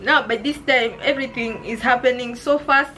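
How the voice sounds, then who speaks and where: Young Kenyan woman vlogger, bright high voice, emotional storyteller who keeps repeating herself. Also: moderate pace, a little hiss or hum, rough recording. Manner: emotional, addresses viewers as guys, repeats herself. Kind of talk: personal storytelling vlog.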